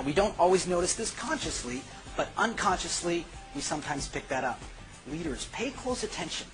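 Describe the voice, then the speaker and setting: A man giving a scripted leadership lesson in a measured, instructive way. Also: on the high side, low-quality recording. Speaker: host giving daily leadership tips. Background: music.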